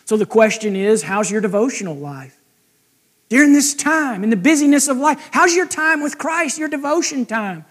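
A pastor preaching a conversational sermon and asking the congregation direct questions. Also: male voice, very high voice, animated, normal speed, a bit bright. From United States.

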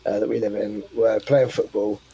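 A man's voice: on the low side, steady tone, normal speed, creaky, mellow, breathy edge, lo-fi sound. Man trading wry quips on a chat show. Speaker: co-host. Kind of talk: casual chat.

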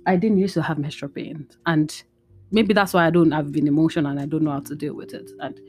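Lady podcasting at home, tired and emotional, lowish voice, faint guitar music behind. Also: fairly even intonation, brisk. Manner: tired, emotional and rambling, mixing in Yoruba phrases. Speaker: podcast host. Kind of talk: casual solo podcast talk. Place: indoors at home.

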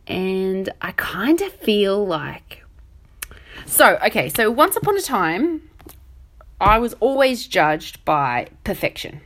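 A woman's voice: medium pitch, a bit bright. A middle-aged woman hosting her own podcast, talking in a rambling, self-deprecating, chatty way with lots of fillers. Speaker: podcast host. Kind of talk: casual solo podcast monologue.

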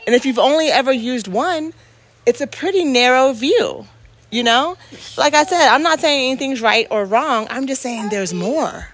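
A woman's voice: high-pitched, moderate pace, a little hiss or hum. A woman in casual reflective talk, speaking earnestly and emphatically and restarting her sentences as she thinks aloud.

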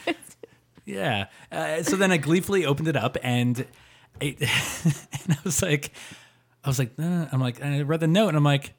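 A man co-hosting a podcast, telling animated stories with lots of fillers and quick laughs. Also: fairly high pitch. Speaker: podcast co-host. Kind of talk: casual chat.

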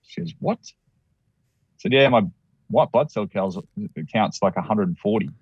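A man's voice: on the low side, animated, measured pace, creaky, breathy edge, dry recording, lo-fi sound. An Australian man telling a personal story as a guest, rambling with restarts and acted-out quotes.

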